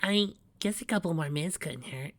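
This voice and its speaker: A man voicing a shy, nervous young female pony in a fan story reading, soft and light. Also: on the low side, lively intonation, normal speed, voice pushed up. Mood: playful. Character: shy sleepy young mare, nervous and sweet.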